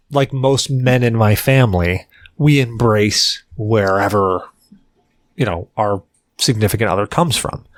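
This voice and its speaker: A podcast co-host with a medium-pitched voice and no echo tells an animated, rambling anecdote in casual chat. His sentences are full of "like."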